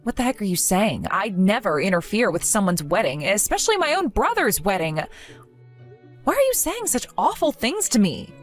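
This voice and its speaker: A woman's voice: mid-range voice, big pitch swings, moderate pace, faint music behind. An earnest, wounded young woman. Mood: pleading. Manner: bewildered, pleading. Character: earnest trusting young woman, easily hurt. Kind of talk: animated story voice acting.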